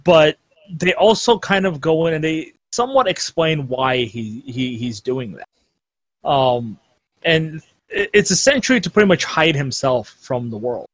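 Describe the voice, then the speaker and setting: A man's voice: fairly high pitch, lively intonation, unhurried, dry recording. A man chatting casually on a podcast, rambling with lots of fillers and restarts. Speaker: podcast co-host. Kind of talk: casual chat.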